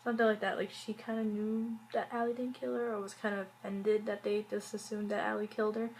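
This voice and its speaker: A woman talks through a TV episode recap in a loose, chatty vlog style, her sentences packed with "like" and "uh." She throws in wry, exasperated asides, and her pitch sits at an everyday middle level for a woman. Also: little pitch movement, fairly quick, a little hiss or hum, poor audio. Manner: rambling, heavy use of "like" and fillers. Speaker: TV show reviewer.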